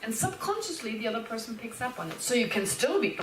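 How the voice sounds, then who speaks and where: A woman teaching Buddhist philosophy as a lecture, lively and animated, laughing and acting out little quotes as she explains. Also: on the high side, fast, noisy background. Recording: roomy hall, speaker far from the mic.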